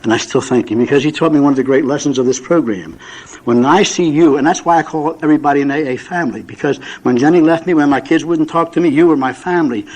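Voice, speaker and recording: A man's voice: fairly high pitch, fast talker, darkish tone, rough recording. Older man telling a heartfelt story. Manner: folksy, emotional storytelling with acted-out dialogue. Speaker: speaker sharing his story at a recovery meeting. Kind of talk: storytelling talk to a meeting. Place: meeting room with audience.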